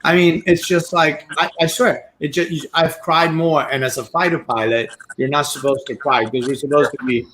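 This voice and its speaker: A man's voice: on the high side, fairly even intonation, moderate pace, few pauses, a bit bright, a little hiss or hum, low-quality recording. A man who owns a restaurant, telling a story on a talk show in an earnest, grateful way. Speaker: restaurant owner guest. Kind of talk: casual talk show chat.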